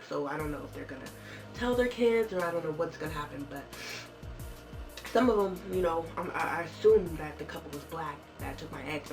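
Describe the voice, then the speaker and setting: A woman in her twenties telling a story casually and jokingly on a vlog, jumping into squeaky high voices when she quotes people. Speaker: vlogger. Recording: far from the mic with clear background music.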